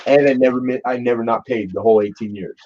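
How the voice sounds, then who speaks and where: A man in his forties tells a long personal story in a casual chat. He talks in an animated way, swears freely and keeps restarting his sentences. His voice sits at an ordinary male pitch, and the recording sounds dull and lo-fi. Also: quick pace, a little hiss or hum. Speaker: guest telling a personal story.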